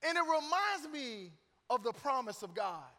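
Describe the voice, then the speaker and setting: A man's voice: very high-pitched, very animated, unhurried, sharp tone. A middle-aged man preaching a sermon as pastor, joking and conversational between emphatic points. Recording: long church reverb.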